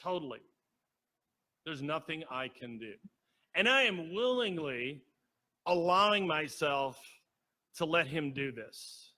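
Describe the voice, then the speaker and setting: A man preaches in a church with a bright, ringing tone. He talks casually, telling a story, putting on the voices of other people, and checking in with the congregation. His voice sits high for a man. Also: animated, slow pace, long pauses. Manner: storytelling, acts out quoted voices, asks the congregation. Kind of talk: conversational sermon. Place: church sanctuary.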